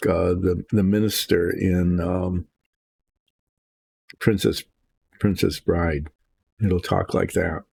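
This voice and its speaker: Husky, gravelly man, casual hobby-painting host, self-mocking and indecisive. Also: low-pitched, flat delivery, takes it slowly, pauses often, a little mellow. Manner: rambling, self-deprecating, indecisive. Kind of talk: relaxed hobby chat while painting.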